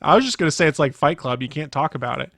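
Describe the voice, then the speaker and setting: Podcast co-host, wry man, slightly high voice, dry sound. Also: animated, rapid-fire, a bit bright, no echo. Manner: wry, exasperated. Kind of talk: casual chat.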